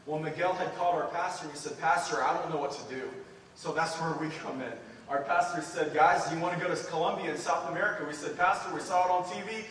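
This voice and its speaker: A man preaching a sermon and telling a mission story, speaking earnestly and building to excited emphasis as he addresses the church. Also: fairly high pitch, fast talker, a little hiss or hum. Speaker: preacher sharing a mission report. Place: church sanctuary. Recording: echoey hall, distant mic.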